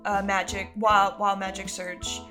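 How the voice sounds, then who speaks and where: A woman working as game master for a tabletop game, calling for dice rolls in a quick, stop-start way. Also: mid-range voice, flat delivery, over music.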